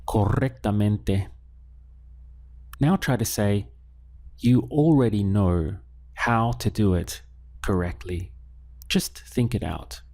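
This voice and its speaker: A man teaching a beginners' language lesson, saying each phrase twice in a patient, steady way. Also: lowish voice, takes it slowly, long pauses. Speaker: Spanish teacher. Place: lives in Latin America.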